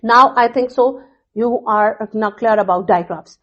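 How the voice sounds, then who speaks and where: Slow high-voiced woman teaching a lesson. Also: a bit bright, highs cut off. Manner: slow, repetitive explaining with fillers. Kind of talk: recorded classroom lesson.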